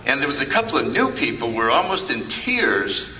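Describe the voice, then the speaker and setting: Bright-voiced older man in an echoey hall. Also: medium pitch, sing-song, moderate pace, a little hiss or hum. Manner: humorous, anecdotal, acts out quoted remarks. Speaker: recovery meeting speaker. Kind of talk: storytelling talk to a convention audience. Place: large convention hall. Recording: echoey hall, picked up from a distance.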